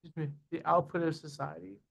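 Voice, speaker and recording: A man's voice: fairly high pitch, steady tone, fast, gravelly, fairly bright tone. A man guest on a podcast, an HR tech executive, talking confidently and emphatically, repeating his points while he has the hiccups. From Guyanese roots. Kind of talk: casual interview talk.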